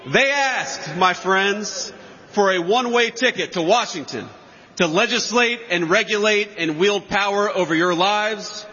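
A man's voice: high voice, a little slow, bright, forceful tone, breathy edge. A man giving a campaign rally speech in a large hall, emphatic and mocking with sarcastic asides. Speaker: political speaker. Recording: lo-fi, long hall reverb.

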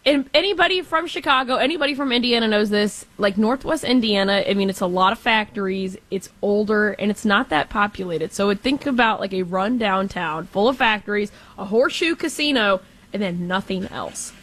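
A woman's voice: mid-range voice, a little fast, a bit bright. A woman co-hosting casual sports chat, chatty and teasing, often laughing.

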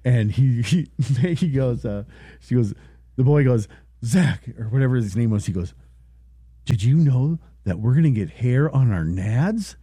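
A man's voice: medium pitch, lively intonation, a little slow, warm tone, husky, dry recording, studio quality. A man in a casual chat, telling a funny story and laughing through his own punchlines.

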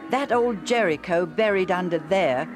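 A woman's voice: lowish voice, normal speed, over music, voice pushed up, close to an everyday voice. A woman voicing Joe, a bored, restless boy who grumbles and daydreams eagerly. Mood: wistful. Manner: grumbling, then wistful and excited.

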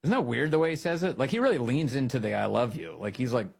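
A husky-voiced man runs his political talk show with mocking glee. He laughs easily and jumps up into high, incredulous jabs before dropping back to a plain conversational tone. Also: big pitch swings, fast talker, a little mellow. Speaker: podcast host.

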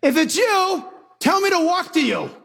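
A man's voice: very high voice, big pitch swings, moderate pace, creaky, a bit bright, voice pushed up, full character voice. A man voicing the apostle Peter as a big, burly, impatient fisherman, speaking eagerly and boldly.

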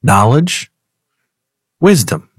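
Man, low husky voice, financial talk radio, playful storyteller, dry studio sound. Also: very animated, extremely slow, dry recording. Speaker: financial radio show co-host. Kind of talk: casual talk radio chat.

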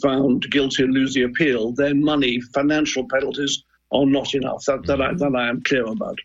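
A man's voice: medium pitch, steady tone, moderate pace, slightly rough, lo-fi sound. An older man, a former club chairman, talking as a guest on a radio discussion in an earnest, hesitant way, often repeating words.

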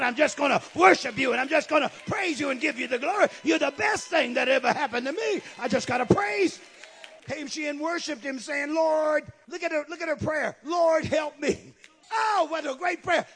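A man preaching a sermon with rhythmic repetition that builds into shouted climaxes. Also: very high-pitched, gravelly.

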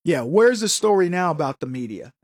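A man's voice: sits high, big pitch swings, brisk, no echo, studio quality. A man hosting a political talk show, delivering a combative, sarcastic monologue and mocking the people he quotes. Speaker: political commentary host.

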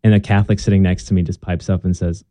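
A man's voice: deep voice, little pitch movement, fast talker, warm tone, no room sound. A young man, a guest in a conversation, telling his story in an earnest, casual way and acting out bits of past dialogue.

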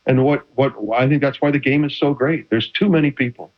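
A middle-aged retired quarterback chats as a guest in a casual interview, his mid-range voice fairly quick. He tells animated stories with many restarts, captured in dull lo-fi audio.

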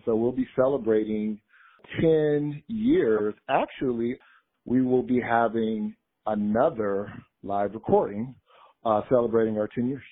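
A man who directs gospel choirs, speaking as an interview guest in a relaxed, reflective way and often checking in with "right?". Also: on the low side. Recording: tinny phone-like line.

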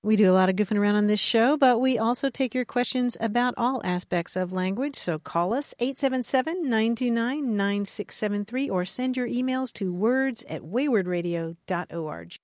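A woman co-hosting a radio call-in show, giving brisk, upbeat announcements. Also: a little high, darkish tone, no echo, clean studio sound. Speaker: co-host.

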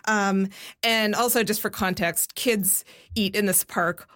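A woman's voice: medium pitch, steady tone, a little slow, fairly bright tone. A woman giving a conversational radio news report, explaining things step by step with frequent fillers.

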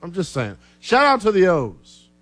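A man's voice: high voice, wildly swooping pitch, moderate pace, a bit bright, no echo, soft background music. A man co-hosting a sports radio show, teasing his partner in a playful way. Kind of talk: casual sports talk.

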